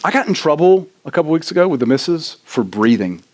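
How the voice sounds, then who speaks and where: A middle-aged man preaching a sermon in a church, animated and self-deprecating, often tossing in "right?" to the congregation. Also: fairly high pitch, quick pace, a crowd in the background. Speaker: pastor. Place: church sanctuary.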